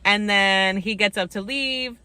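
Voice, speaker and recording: A woman's voice: medium pitch, measured pace, bright, forceful tone, smooth, no room sound. A young woman recapping a reality dating show in a casual chat, full of "like" and "um" fillers, telling the story with plenty of opinion.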